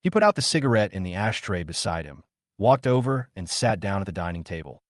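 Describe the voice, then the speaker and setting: Low-voiced male story narrator. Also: sing-song, brisk, dry recording, clean studio sound. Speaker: recap narrator.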